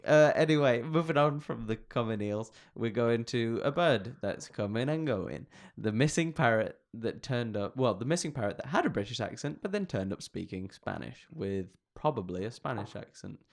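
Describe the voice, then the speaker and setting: A man's voice: mid-range voice, lively intonation, moderate pace, gravelly, hardly any pauses. A man co-hosting a comedy podcast, reading out odd internet stories in a casual, jokey way with plenty of laughs and swearing. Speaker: podcast co-host.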